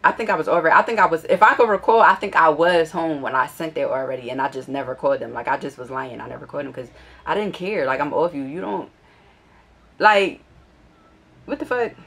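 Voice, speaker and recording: Husky and brisk, this young Philadelphia woman reads old messages aloud in a storytime vlog, cursing freely and speaking bluntly. Annoyance makes her livelier and raises her pitch.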